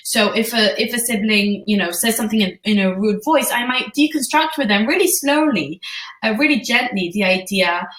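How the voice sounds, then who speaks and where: A woman hosting a live parenting webinar, answering questions gently with many ums and uhs. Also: mid-range voice, moderate pace. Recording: roomy sound, distant from the mic.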